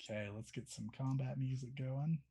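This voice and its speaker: A man running a tabletop game as game master, relaxed, explaining the rules step by step. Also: mid-range voice, moderate pace, soft background music.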